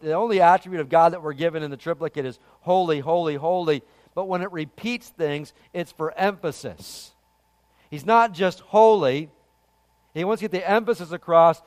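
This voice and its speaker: A man preaching a sermon as pastor, building loud emphatic passages and then dropping to quiet, earnest reflection. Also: high voice, clear, resonant tone, big-room sound.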